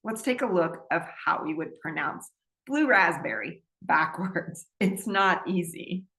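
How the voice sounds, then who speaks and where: Lower-pitched woman explaining in an echoey room. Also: animated, a little slow, vocal fry, sharp tone. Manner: explanatory, with light laughs. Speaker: speech pathologist. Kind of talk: recorded presentation lecture.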